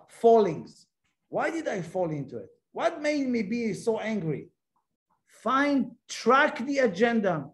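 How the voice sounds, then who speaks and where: High-voiced man teaching with emphatic questions. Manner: emphatic, with rhetorical questions and repetition. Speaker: Kabbalah teacher. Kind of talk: spiritual class talk.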